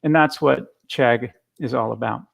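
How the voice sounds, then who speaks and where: A man's voice: mid-range voice, unhurried, gravelly. A man giving a casual conference talk over a video call, telling stories with frequent restarts. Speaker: guest speaker.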